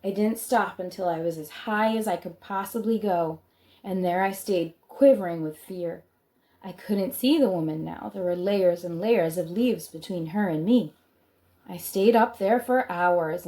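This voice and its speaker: A woman's voice: lowish voice, unhurried, warm tone. A woman reading a children's book aloud, stopping now and then to add chatty comments of her own. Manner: chatty asides between read passages.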